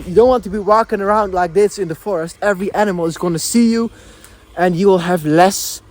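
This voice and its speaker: A man's voice: high-pitched, no echo. A young man, a wildlife filmmaker, chatting casually about his camera gear, restarting and repeating phrases as he goes. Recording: faint background noise.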